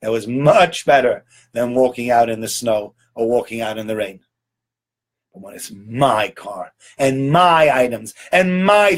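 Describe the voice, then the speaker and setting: A man's voice: mid-range voice, lively intonation, normal speed. A man giving an informal Torah lecture in a conversational way, often checking in with "right?" and doubling words for emphasis. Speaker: rabbi giving a Torah talk.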